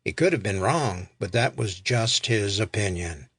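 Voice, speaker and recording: A man narrating an audiobook in a measured, deliberate way. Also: on the low side, expressive, a bit bright, slightly rough, no echo. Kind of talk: scripted narration.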